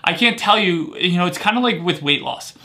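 High, bright-voiced energetic man. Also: fairly quick. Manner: energetic, punctuates points with "right?". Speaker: life coach. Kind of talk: motivational talk to camera.

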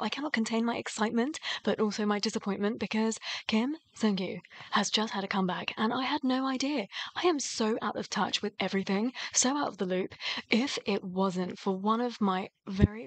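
A woman vlogger giving a casual, gushing and excitable reaction commentary to a music video. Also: mid-range voice, dry recording. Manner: gushing and excitable, breaks into laughs and exclamations. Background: music from the video playing.

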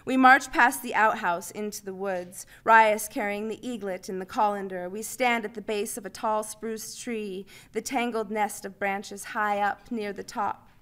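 A woman reading her short story aloud in lively, expressive narration. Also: mid-range voice, unhurried, few pauses, clear, resonant tone.

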